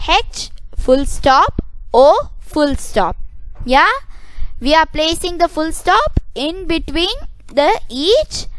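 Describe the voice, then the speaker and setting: A woman's voice: high voice, low-quality recording. A woman teacher with an Indian English accent giving a patient grammar lesson, repeating points and checking in with the class. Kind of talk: slow classroom-style video lesson.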